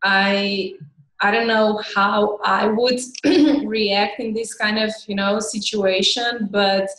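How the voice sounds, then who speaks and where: A woman's voice: mid-range voice, steady tone, slow pace, fairly bright tone. Interviewing woman in a roomy space. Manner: thoughtful, asks open questions. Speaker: interview host. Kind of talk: interview conversation. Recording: roomy echo.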